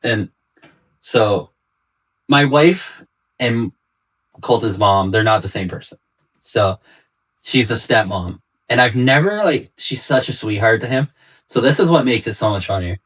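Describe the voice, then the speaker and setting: A man's voice: on the low side, expressive, a little slow, pauses often, fairly bright tone, poor audio. A man and father in a casual podcast chat, telling stories in a loose, rambling way full of fillers. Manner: rambling storyteller, heavy use of "like".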